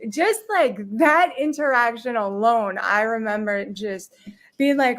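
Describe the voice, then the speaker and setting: A woman's voice: on the high side, normal speed, a bit bright. A woman guest telling her story in a casual, emotional way, fumbling over her words.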